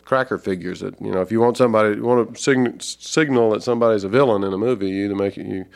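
A man from Georgia with a Southern accent, an author talking as an interview guest, thoughtful and halting with many fillers. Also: fairly low pitch, vocal fry. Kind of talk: reflective interview talk.

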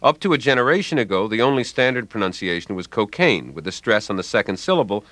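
A man delivering a scripted radio commentary on language in a dry, wry and ironic manner, recorded in a quiet studio. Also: fairly low pitch, fast talker, dry recording.

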